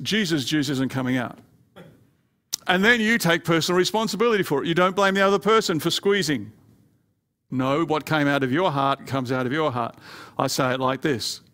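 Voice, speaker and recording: Gravelly-voiced male pastor preaching. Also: fairly bright tone. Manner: rising pitch and volume when pressing a point, playful asides. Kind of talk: sermon.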